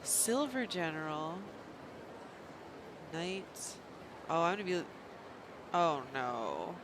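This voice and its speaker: A game streamer with a mid-range voice and big pitch swings talks slowly over background noise. He gives casual, self-mocking let's-play commentary and reads the menus aloud as he plays.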